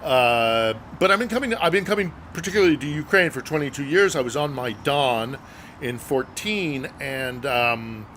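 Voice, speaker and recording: A man's voice: medium pitch, animated, moderate pace, fairly bright tone, a little hiss or hum. A middle-aged man, a journalist guest, telling a story casually and earnestly, with many fillers and hesitations.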